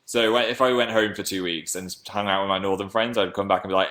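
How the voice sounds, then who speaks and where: A man's voice: fairly even intonation, fast, fairly bright tone. Playful young man with a slight northern accent. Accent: slight northern English. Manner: chatty and playful, jumps into silly high voices. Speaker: livestreamer. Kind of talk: casual livestream chat answering viewer comments.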